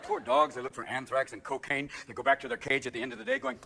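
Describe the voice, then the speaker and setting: On a theater stage before a live crowd, a middle-aged comedian tears through a frantic set, swapping characters fast and erupting into yells. His voice is high and sing-song, with a creaky, breathy edge, and the live recording carries audience laughter and noise.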